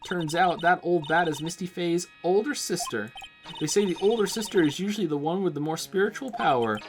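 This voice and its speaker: A man's voice: high voice, fairly quick, over music, lightly acted. A man voicing a bubbly young female photographer in an exaggerated, cartoonish Southern drawl. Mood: gossipy. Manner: folksy cartoonish Southern drawl imitating a goofy cartoon dog.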